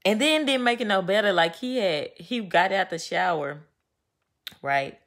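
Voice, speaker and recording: A woman chatting casually to her viewers, venting with animated storytelling and slang. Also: mid-range voice, a little slow. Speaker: vlogger. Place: home, getting ready.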